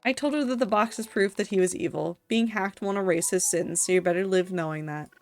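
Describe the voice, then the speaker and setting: A woman's voice: mid-range voice, a little fast, a little mellow. A woman streaming a game, chatting casually and wryly as she reads out her choices. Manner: casual and wry, reading choices aloud. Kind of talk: live game stream commentary.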